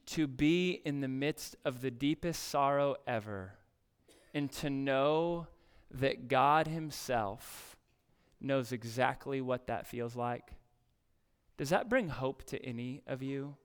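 A man's voice: mid-range voice, lively intonation, slow, clean tone. A man preaching a sermon as a pastor, reading scripture emphatically and asking the congregation questions.

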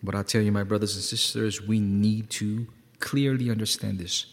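A male pastor preaching a sermon, emphatic and repetitive, swinging from loud peaks to quiet lows and calling on the congregation to respond. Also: steady tone, normal speed. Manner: repeats words for emphasis, asks congregation to respond. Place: church sanctuary. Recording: long hall reverb.

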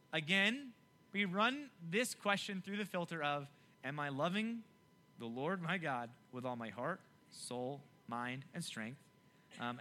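A young man preaching a youth sermon, animated and emphatic, often repeating himself to keep listeners engaged. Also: sits high. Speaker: youth pastor.

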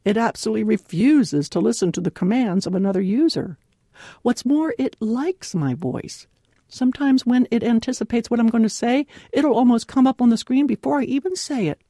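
A woman giving a devotional talk in an earnest, clearly enunciated way, laughing often. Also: fairly high pitch, animated, normal speed, warm tone, dry recording, clean studio sound. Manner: clear, carefully enunciated delivery. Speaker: devotional speaker.

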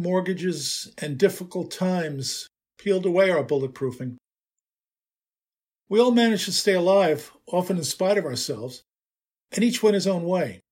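An older man telling a personal story at an unhurried, wry pace. His voice sits fairly high and has a husky, breathy edge. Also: darkish tone. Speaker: writer.

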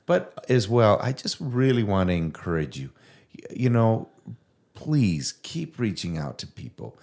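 Female co-host, remarkably deep register, earnest and encouraging, loose and conversational. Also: big pitch swings, a little slow, a little mellow. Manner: earnest and encouraging, with many fillers. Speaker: podcast co-host. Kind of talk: faith-based casual chat.

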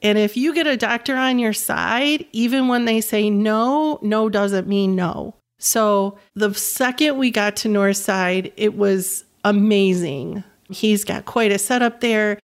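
A woman in her fifties speaks at a mid-range pitch and a slow pace with few pauses. She is a caregiving mother appearing as an interview guest and sharing her personal story in conversation, earnest and emphatic, repeating words to stress them.

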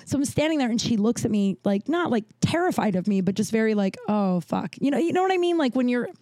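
A podcast host with a warm, expressive voice talks fast, telling a story casually and candidly and swearing freely. She acts out what others said with big jumps in pitch, and there's no echo.

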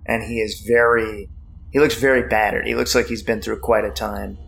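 A young man narrating as game master of a tabletop game, slow and halting with many fillers. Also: on the low side, level tone, vocal fry, a bit bright, slight background noise, rough recording.

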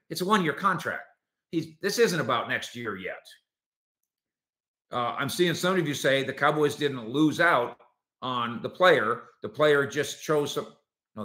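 Animated man hosting a sports talk show. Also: medium pitch, echoey room. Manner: animated, argumentative, talks to listeners directly. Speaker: sports podcast host.

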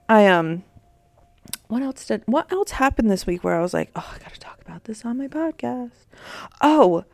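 A woman's voice: on the low side, darkish tone, dry recording, clean studio sound. A woman in her thirties hosting a podcast in a rambling, chatty way, easily sidetracked mid-sentence. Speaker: podcast host. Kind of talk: casual chat.

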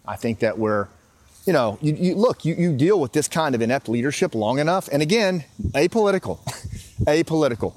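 A man's voice: fairly high pitch, lively intonation, fairly quick, darkish tone, no room sound. A man in his fifties hosting a podcast, talking earnestly and with growing passion as he walks outdoors. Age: 50s. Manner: earnest, emotional, builds to passionate. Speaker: podcast host. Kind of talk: casual walking monologue. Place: outdoors in a small river town.

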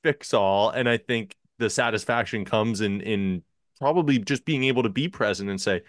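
A man's voice: fairly low pitch, normal speed, no echo, clean studio sound. A man hosting a podcast, asking long, thoughtful questions in a conversational way. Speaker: podcast host.

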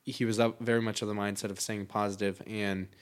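A man's voice: lowish voice, little pitch movement, a little fast. A man talking candidly in a casual podcast chat, swearing freely and filling his talk with likes and you-knows.

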